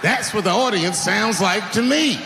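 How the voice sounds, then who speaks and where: A man doing stand-up comedy on stage, loud and full of swearing, shouting at the audience, recorded in an echoey hall with a live crowd. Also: high voice, expressive, moderate pace, heavy background noise. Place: large venue on stage.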